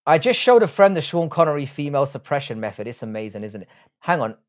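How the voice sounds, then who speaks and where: A man's voice: on the high side, very animated, fast. A young man hosting a casual livestream, reading the chat aloud and rambling with crude jokes. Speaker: livestream host.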